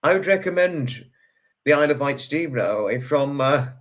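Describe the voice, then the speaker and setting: With an expressive voice at a moderate pace, a male livestream host effusively welcomes viewers and repeats his hellos many times. His pitch rises and falls sharply.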